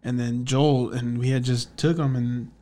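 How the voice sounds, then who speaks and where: A man co-hosting a podcast, chatting casually in a relaxed, rambling way with laughing asides. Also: mid-range voice, a little slow. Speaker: podcast co-host. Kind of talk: casual chat.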